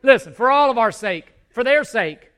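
High, bright-voiced impassioned preacher man. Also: expressive, moderate pace, smooth. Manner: impassioned, emphatic preaching with repetition. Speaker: pastor. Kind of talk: sermon.

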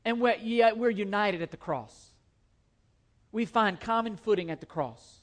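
A man's voice: high voice, a little slow. A man preaching a sermon to his church, earnest and emphatic, often repeating his key phrases. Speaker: pastor. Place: church sanctuary.

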